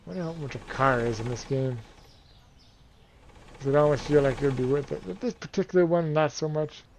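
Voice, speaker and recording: A man's voice: fairly high pitch, fairly quick, vocal fry, darkish tone, slight background noise. A man giving playful, casual commentary over a game, counting and thinking aloud to himself while he keeps yawning. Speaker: let's play gamer.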